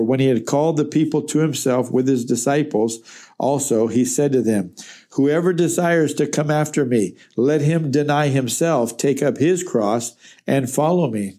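A man's voice: mid-range voice, warm tone. A man teaching through a Bible book verse by verse, reading scripture aloud and then explaining it in plain, earnest words.

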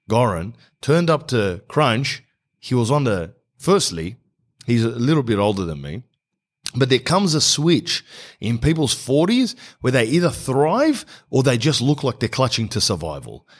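A man's voice: medium pitch, big pitch swings, unhurried. Blunt man telling stories. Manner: blunt, rambling, sarcastic. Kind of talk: comic storytelling monologue.

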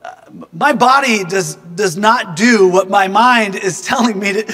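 Offering a devotional reflection, a high-voiced man shares a personal story at a measured pace, his tone pushed, bright and slightly rough. Earnest and thoughtful, he repeatedly speaks directly to the listener, while a long reverb tail follows his words.

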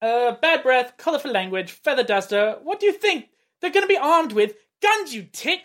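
A man's voice: extremely high pitch, expressive, moderate pace, fairly bright tone, pitched above the performer's own voice. A man putting on a British accent to voice a scornful male gangster, delivering lines in a snappy, mocking way. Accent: British, put on.

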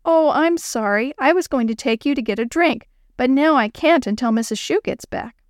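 Lady doing a frazzled young babysitter, earnest, highish voice, dry. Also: moderate pace, no room sound, natural voice. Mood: flustered. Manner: earnest, exasperated. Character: flustered girl babysitting lively kids.

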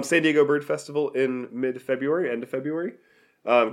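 Stuffy-nosed man co-hosting a podcast. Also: medium pitch. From US Pacific Northwest. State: congested, stuffed up. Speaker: podcast co-host. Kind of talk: casual chat.

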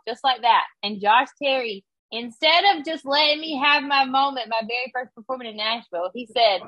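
A woman's voice: high-pitched, brisk, few pauses, dry recording. Teasing young woman, lo-fi audio. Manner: lively, teasing, laughs often. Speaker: podcast host. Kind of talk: casual chat. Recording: dull lo-fi audio.

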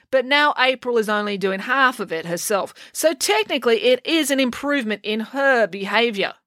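A woman's voice: on the high side, fairly bright tone, no echo, studio quality, voice pushed up. A woman voicing an earnest young boy who explains everything in a matter-of-fact tone.

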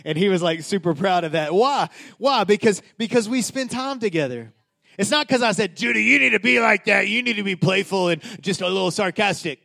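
Middle-aged guy preaching, kinda high voice, chatty then punches big lines. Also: brisk, vocal fry, few pauses, sharp tone. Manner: conversational preaching with rising emphatic peaks. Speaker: pastor. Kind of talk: sermon.

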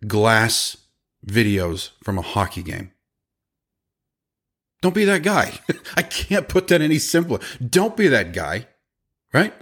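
A man with a somewhat low voice tells stories in a casual monologue. He is emphatic and animated, and his speech comes in rapid bursts. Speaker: podcast host and business owner.

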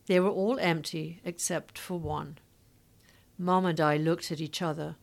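A woman narrating a memoir-style story in a steady, storytelling manner. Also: low voice, measured pace, gravelly. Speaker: audiobook narrator. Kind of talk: scripted narration.

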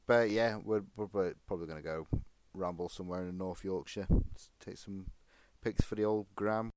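A man's voice: deep voice, steady tone, moderate pace, darkish tone, dry recording. A man co-hosting a podcast in casual chat, rambling and jokey with many restarts. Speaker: podcast co-host.

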